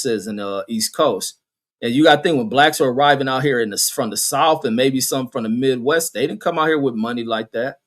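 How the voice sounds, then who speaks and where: A man hosting a live stream, reading chat comments aloud and telling stories in loose, profane talk. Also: medium pitch. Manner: loose storytelling, heavy swearing, acts out voices.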